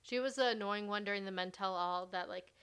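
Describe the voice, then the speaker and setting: A woman's voice: medium pitch, fairly quick, a bit bright, clean tone. A young woman hosting a podcast, chatting casually and gushing as she recaps a reality show, with "like" in nearly every sentence. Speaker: podcast host.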